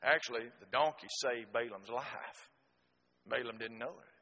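A man preaching a sermon, telling folksy stories that swing from loud exclamations to quiet asides. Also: medium pitch, normal speed, muffled recording. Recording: reverberant hall.

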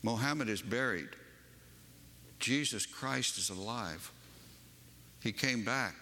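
A man's voice: medium pitch, slow pace, bright, forceful tone, long reverb tail. A man from Western North Carolina with a Southern accent, preaching a sermon and telling a personal story with emphatic, rising delivery.

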